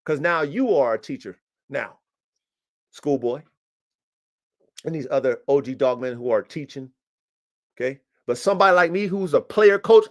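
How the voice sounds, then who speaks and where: A man's voice: on the high side, expressive, moderate pace, long pauses. Brash, boastful man hosting a podcast. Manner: boastful, confrontational, emphatic slang-heavy talk. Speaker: podcast host and dog breeder. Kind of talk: livestream podcast monologue. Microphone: streaming setup.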